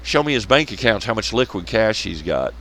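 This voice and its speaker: A man's voice: fairly low pitch, very animated, brisk, fairly bright tone, slight background noise. A man giving blunt, sarcastic, profane commentary on a rant vlog, laughing at his own jokes. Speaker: wrestling commentary vlogger.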